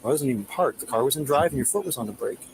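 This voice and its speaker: A man's voice: mid-range voice, lively intonation, rapid-fire, noisy background. A man working as a police officer, patiently coaxing a distressed woman to breathe and cooperate, recorded on a body camera. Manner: patient, soothing, repeats instructions. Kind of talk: calming a detainee. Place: convenience store, indoors.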